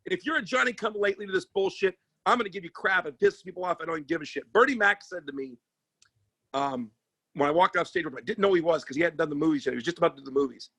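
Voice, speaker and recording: A man who works as a sports agent and comedian, telling stories in casual chat, animated and profane, with many restarts. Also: high voice, rapid-fire, gravelly, breathy edge, no echo.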